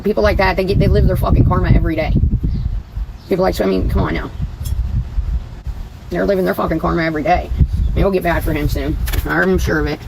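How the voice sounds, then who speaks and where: A woman's voice: on the low side, fairly even intonation, quick pace, vocal fry, slight background noise, low-quality recording. A woman rambling and venting to her livestream chat in a casual, profane way.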